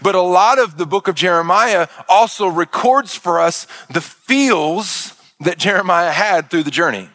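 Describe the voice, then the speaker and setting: A middle-aged man preaching a sermon as a pastor, animated and playful, acting out voices with big swings in pitch. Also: unhurried, hardly any pauses, dry recording, studio quality.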